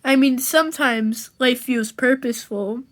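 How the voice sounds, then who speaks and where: An earnest, brainy young comic-book hero, put on by a woman reading aloud, talking in quick, thoughtful bursts. The voice sits high and eager. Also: a little hiss or hum. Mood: musing.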